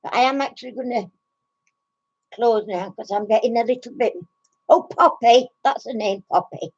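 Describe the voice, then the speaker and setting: A woman's voice: on the high side, normal speed, slightly rough, highs cut off. A woman in her sixties, out of breath, chatting casually and giggling with live stream viewers, greeting them by name. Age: 60s. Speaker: craft channel host.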